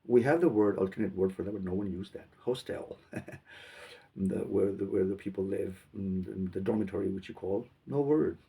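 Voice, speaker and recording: A man from Pakistan, giving halting commentary on a video and repeating words as he thinks. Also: deep voice, gravelly, warm tone, husky, far from the mic.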